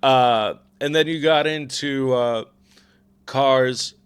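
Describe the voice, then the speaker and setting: A man's voice: mid-range voice, slow, clean tone. A man hosting a podcast, asking questions in a laid-back, profane way and laughing along. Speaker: podcast host. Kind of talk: casual interview chat.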